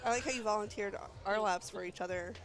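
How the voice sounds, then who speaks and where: A woman's voice: medium pitch, fast talker. A woman commentating a darts stream in a chatty, casual way. She hesitates now and then with little fillers. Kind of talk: playful live stream commentary.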